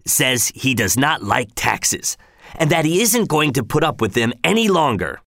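A man's voice: mid-range voice, very animated, creaky, fairly bright tone, no room sound, clean studio sound, pitched above the performer's own voice, exaggerated voice. A man voicing a smug, menacing governor who drags out his words condescendingly. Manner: slow, drawn-out, condescending delivery. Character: smug, menacing male governor, slow and silky.

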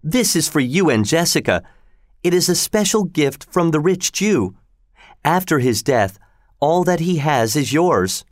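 A man's voice: fairly high pitch, sing-song, a little slow, no echo, pitched above the performer's own voice. A playful young waiting-woman chimes in from a storybook, as a male narrator puts her on. The voice is pushed well above his own and is recorded dry and close. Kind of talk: storybook read-aloud.

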